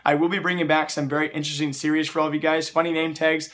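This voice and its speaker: A young man hosting a casual gaming news vlog, energetic and chatty, his voice a bit worn from long live streams. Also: on the high side, fast. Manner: energetic, chatty, keeps addressing viewers as guys. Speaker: esports news host.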